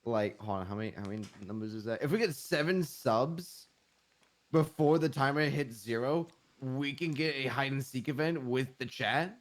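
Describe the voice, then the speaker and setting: A man's voice: medium pitch, normal speed. A man from Britain co-streaming, teasing and playful in casual chat. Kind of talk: livestream chat.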